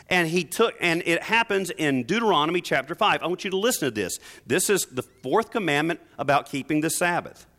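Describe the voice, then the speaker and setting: A man preaching a sermon, moving between soft explanation and emphatic stresses. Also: on the high side. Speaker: pastor.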